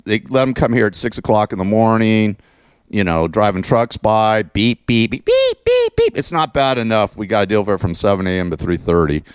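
A man's voice: lowish voice, clean tone, dry recording, studio quality. A middle-aged man hosting a radio show, ranting sarcastically and rambling between laughs.

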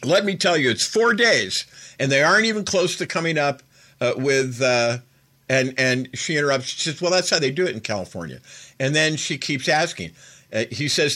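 A man's voice: medium pitch, lively intonation, normal speed, sharp tone. A man hosting a political commentary show, recounting an interview in a casual, incredulous and mocking way, laughing as he goes.

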